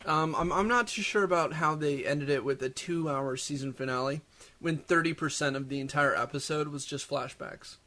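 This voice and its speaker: A young man co-hosting a casual podcast chat, quick with jokey asides and easy laughter. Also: fairly high pitch, pushed and bright. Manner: laughs easily, jokey interjections. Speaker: podcast co-host.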